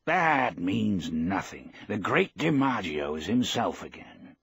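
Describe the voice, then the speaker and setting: A man voicing a gentle old fisherman. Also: lowish voice, very animated, slow, vocal fry, slightly rough, dry recording, exaggerated voice. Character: elderly poor male fisherman, proud and gentle.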